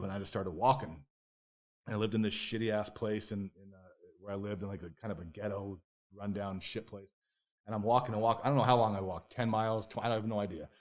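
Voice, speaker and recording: Low-voiced man telling a raw personal story. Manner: raw, profane and emotional, with many restarts and repeated phrases; acts out his own past inner voice in quoted self-talk. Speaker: podcast guest. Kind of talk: candid personal storytelling in a podcast interview.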